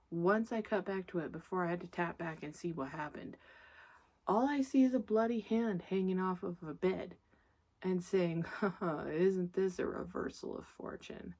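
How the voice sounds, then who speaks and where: A woman's voice: lowish voice, moderate pace, a little mellow. A woman giving a casual, rambling movie recap, swearing freely, laughing often and drifting into asides to herself. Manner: profane, candid, laughs often; digresses and talks to herself. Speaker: movie reviewer.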